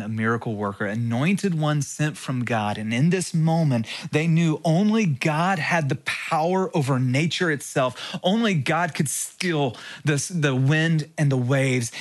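A man preaching a sermon as pastor, earnest, with rhetorical questions and strong emphasis. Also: medium pitch.

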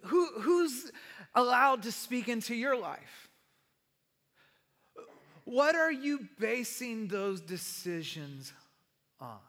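A pastor preaching a sermon in a conversational way, often asking the congregation questions. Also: male voice, very high voice, animated, slow pace, long pauses, pushed and bright. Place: church sanctuary. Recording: long reverb of a large hall.

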